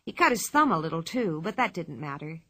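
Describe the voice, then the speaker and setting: Bright, lively woman reading a storybook. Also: lowish voice, brisk. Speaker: narrator.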